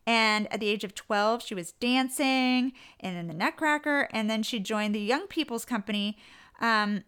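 A woman's voice: fairly high pitch, normal speed, fairly bright tone, smooth. A woman co-hosting a podcast in casual chat, chatty and reading out actor bios. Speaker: podcast co-host.

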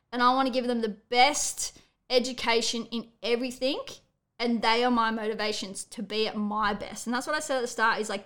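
A young woman, a coach talking bluntly and energetically in a casual motivational podcast monologue. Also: a little high. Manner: blunt, energetic, tells it how it is. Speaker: athletics coach and podcast host.

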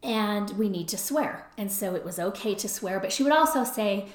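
A middle-aged woman hosting an advice podcast, talking in a relaxed conversational way and often tagging her points with "right?". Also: mid-range voice, normal speed. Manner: conversational, frequent "right?" tag questions. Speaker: podcast host and counselor. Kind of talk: advice talk. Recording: roomy echo.

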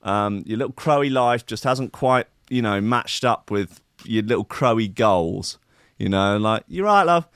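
A man's voice: lowish voice, fairly even intonation, measured pace, fairly bright tone, smooth, no room sound, clean studio sound. A man hosting a comic show, riffing on odd news stories in a rambling, sardonic, sweary way. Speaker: host. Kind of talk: comic commentary on news clips.

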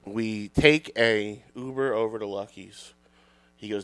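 A man's voice: lowish voice, steady tone, a little fast, fairly bright tone, smooth. A man guest on a comedy podcast telling a self-deprecating, profane story, acting out what people said.

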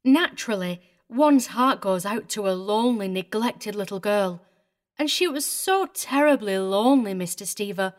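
A woman's voice: mid-range voice, lively intonation, normal speed, close to an everyday voice. A woman voicing a prim, tearful middle-aged governess in a dramatized audiobook reading, agitated and wavering. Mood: prim, upset.

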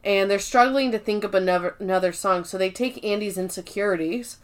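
A woman's voice: medium pitch, a little fast. A woman co-hosting a podcast, recapping TV episodes in casual chat. She swears freely, fills her talk with "like" and acts out the characters' lines in put-on voices. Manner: chatty, swears freely, many fillers like "like". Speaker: podcast co-host.

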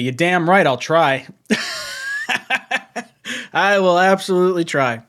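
A young man hosting a casual fan livestream, excitable, laughing often and reading chat messages aloud. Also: fairly high pitch, slow pace. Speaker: livestream host.

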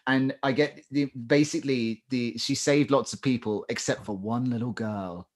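A man's voice: mid-range voice, steady tone, normal speed. A man co-hosting a podcast, chatting casually and joking about a TV show. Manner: jokey, chatty, laughs often. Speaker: podcast co-host. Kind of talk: casual chat.

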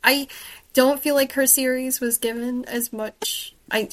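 A woman's voice: high-pitched, steady tone, a little slow. A Scottish woman and author hosting a casual interview, chatty and enthusiastic as she tells stories about her writing life. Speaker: host and author.

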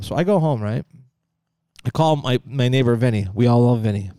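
Animated, swearing man telling a story. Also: medium pitch, brisk, smooth, no echo, studio quality. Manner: swings between loud outbursts and mumbled asides. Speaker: podcast co-host. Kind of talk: casual storytelling chat.

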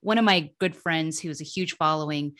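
A woman humor writer telling funny personal stories as an interview guest, lively and laughing, her voice jumping up when she reaches the punchlines. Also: sits low, a little fast. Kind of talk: animated storytelling in an interview.

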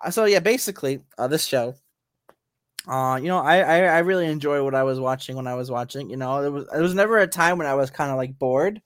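A young man co-hosting a casual anime podcast, excitable and stammering, repeating words as he talks. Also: medium pitch, a little fast, no room sound. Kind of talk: casual review chat.

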